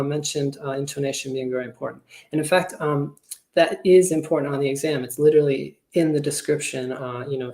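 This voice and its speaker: A man who trains teachers, giving an online webinar presentation in a relaxed, conversational way with a lot of hedging. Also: fairly high pitch. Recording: roomy echo.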